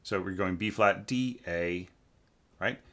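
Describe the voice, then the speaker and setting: Bright-voiced man scatting music examples. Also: low-pitched, slow pace. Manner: informal, hums and scats musical lines to show phrasing; chatty, many fillers and tag questions. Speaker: orchestration teacher reviewing a student score. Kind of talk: casual spoken critique.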